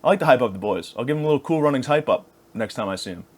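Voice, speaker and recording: A man in his thirties talks alone into the mic in a middle-pitched voice, wandering from one thought to the next. His podcast patter is crude and self-mocking, with loose asides as he loses his thread. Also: animated, rapid-fire. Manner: rambling, crude and self-deprecating. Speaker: podcast host. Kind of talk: comedic podcast monologue.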